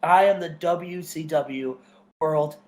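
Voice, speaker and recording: A man's voice: a little high, slow, darkish tone. A man voicing a triumphant masked wrestling champion, speaking in a raised, earnest promo voice. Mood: heartfelt.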